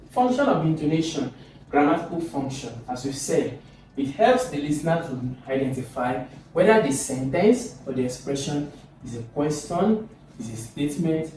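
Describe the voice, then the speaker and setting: A man teaching a recorded lesson, lively and demonstrative, often pushing his pitch up on example phrases. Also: a little hiss or hum. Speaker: English teacher. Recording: echoey room from a distance.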